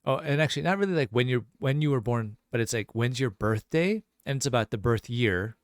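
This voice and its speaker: A man's voice: mid-range voice, expressive, brisk, dry recording, studio quality. A man teaching a casual live-streamed language lesson, chatting loosely and answering viewer questions as they come in. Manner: casual, chatty, reads chat questions aloud.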